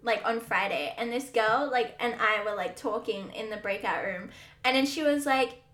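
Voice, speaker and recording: Young woman, very high and bright, giggly storyteller in an echoey room. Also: moderate pace. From Australia. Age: young adult. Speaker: podcast co-host. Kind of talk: casual chat. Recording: roomy echo.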